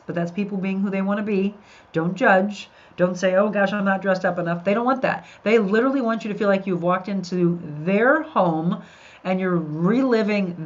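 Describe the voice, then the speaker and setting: A middle-aged woman hosting a podcast, chatting upbeat and talking straight to her listeners. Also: medium pitch. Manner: upbeat, addresses listeners directly. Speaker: podcast host. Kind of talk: live podcast chat with viewers. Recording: dull lo-fi sound.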